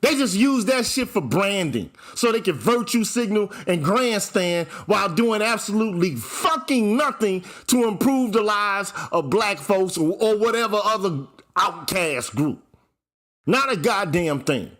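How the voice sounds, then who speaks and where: Fiery profane man ranting, lively high voice. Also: measured pace. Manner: fiery, profane, hammering repetition. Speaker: channel host. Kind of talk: ranting commentary vlog.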